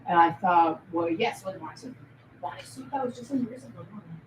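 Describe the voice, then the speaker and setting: A woman on a rambling livestream rant, swinging erratically from mutters to shouted, sing-song accusations full of swearing. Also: lowish voice, animated, fast talker, distant mic, noisy background. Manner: profane and accusatory. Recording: echoey room, voice off-mic.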